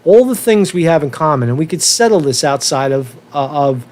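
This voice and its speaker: A man hosting a casual livestream rant, worked up and talking fast to his viewers, often repeating and restarting his words and swearing now and then. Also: fairly high pitch, animated, a little mellow. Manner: asks viewers for feedback, profane. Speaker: livestream host.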